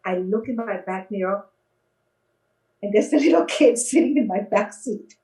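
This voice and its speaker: On a rough recording, a middle-aged woman who works as a face painter and clown tells stories in casual conversation. Her medium-pitched voice moves at a normal speed with long pauses, and she animatedly acts out quotes in a raised voice.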